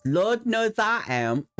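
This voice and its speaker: A man's voice: high-pitched, sing-song, very slow, a bit bright, soft background music. A man hosting a casual book livestream, playful and giggly, slipping into silly voices. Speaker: book channel host.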